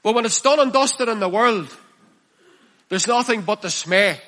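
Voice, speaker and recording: A man preaching a sermon, reading scripture aloud and expounding it with passion, his voice dropping hushed and then rising loud. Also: sits high, expressive, normal speed. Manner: impassioned, swinging from hushed to loud.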